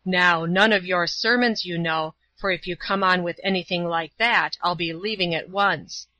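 A woman voicing a drunken, threatening brute of a man who talks loudly and slowly. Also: on the low side, fairly even intonation, no room sound, muffled recording. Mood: gruff. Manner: loud, slow and bullying.

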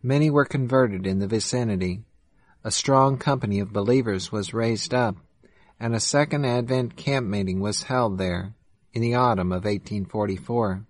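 A man narrating a first-person memoir in a steady, measured reading voice. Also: fairly low pitch. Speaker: audiobook narrator.

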